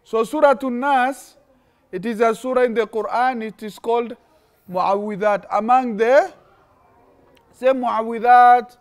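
A man's voice: very high-pitched, moderate pace. A young man hosting an interactive children's lesson, acting out little stories and prompting the kids to finish his sentences. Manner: animated, acts out stories, call-and-response questions. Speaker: children's religious teacher and host.

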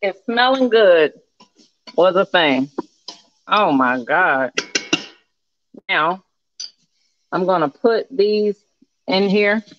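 A woman chatting playfully with her viewers while she cooks in her home kitchen during a live stream, breaking into loud happy exclamations. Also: fairly low pitch, extremely slow, long pauses, noisy background. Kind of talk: casual live cooking stream. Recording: dull lo-fi stream audio.

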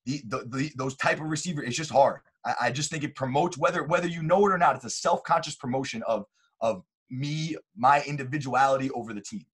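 Man, football coach, quick pace, husky voice, blunt and emphatic, casual talk. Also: mid-range voice, a bit bright. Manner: emphatic and blunt, swears freely.

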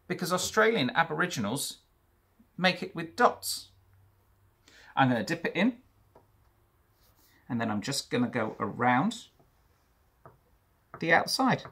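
A young man leads an art lesson for children with a husky, bright-edged voice. His pitch rises and falls a lot as he chats straight to young viewers. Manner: lively, chatty, talks to young viewers. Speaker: teacher.

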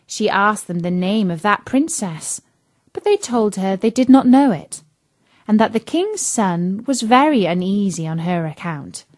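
A woman reading a classic fairy tale aloud for children, deliberate and expressive. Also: mid-range voice, no echo. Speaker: storyteller.

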